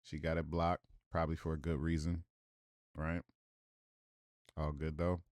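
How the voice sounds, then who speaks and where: A man's voice: rumbling low, monotone, measured pace, a little mellow, no room sound, clean studio sound. A man giving casual reaction commentary, reading viewer comments aloud with blunt, profane asides and rhetorical questions.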